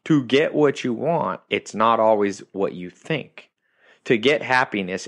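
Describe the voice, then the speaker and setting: A man's voice: on the low side, expressive, a little slow, no echo, studio quality. A man hosting a podcast, delivering an emphatic motivational monologue in short, punchy phrases that repeat key points. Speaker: podcast host.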